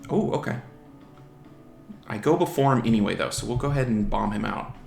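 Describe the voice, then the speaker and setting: A man's voice: on the low side, lively intonation, brisk, creaky, darkish tone. A man giving casual commentary on his own online game match, chatting strategy aloud and teasing the opposing monsters. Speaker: gaming channel host. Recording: roomy home recording with faint music.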